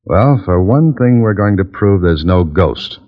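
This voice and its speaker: An actor playing a dry, wisecracking adventurer who also narrates, in 1940s radio acting. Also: male voice, low-pitched, animated, a little slow. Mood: confident. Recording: dull old radio recording.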